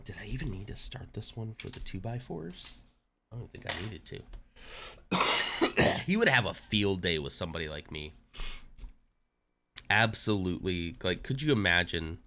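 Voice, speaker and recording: A young man talking casually on his live stream, chatty and quick to poke fun at himself. His voice sits fairly low but sounds bright and forward. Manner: chatty, joking, self-deprecating. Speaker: livestreamer.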